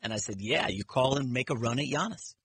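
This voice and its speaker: A man's voice: mid-range voice, brisk, slight background noise. A middle-aged man guest-hosting sports talk radio, telling stories animatedly and acting out quotes. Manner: animated storyteller, acts out quotes.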